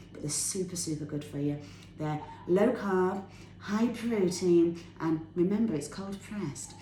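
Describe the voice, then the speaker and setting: Bubbly woman, low voice, echoey room. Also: mellow, slight background noise. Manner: enthusiastic, bubbly, laughs while talking. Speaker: fitness tip vlogger. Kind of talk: casual chatty tips to camera. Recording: echoey room with faint ambience.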